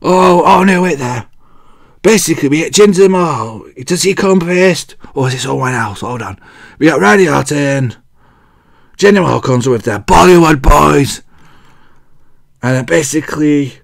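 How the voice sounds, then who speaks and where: A man's voice: fairly high pitch, animated, normal speed, gravelly, dry recording, clean studio sound. An English man hosting a wrestling show, recapping in a cheeky, rambling way and often losing his place as he thinks aloud. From England.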